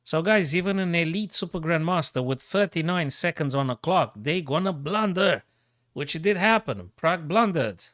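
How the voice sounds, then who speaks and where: Excitable man calling chess moves live. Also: on the high side, normal speed, no echo, clean studio sound. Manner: thinking aloud, excitable, repeats himself. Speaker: chess streamer.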